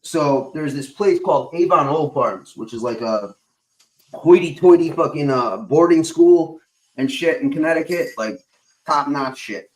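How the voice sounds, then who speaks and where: A man chats loosely on a live stream, swearing nearly every sentence and stumbling through fillers as he goes. His voice sits a little high for a man. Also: unhurried. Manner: rambling, swears constantly, many fillers. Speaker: stream host. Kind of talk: casual profane chat.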